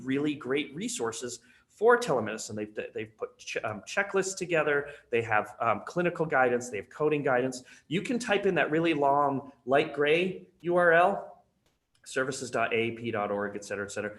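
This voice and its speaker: Male webinar presenter, average pitch, casual and chatty with lots of fillers. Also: fairly bright tone. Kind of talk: conference webinar talk.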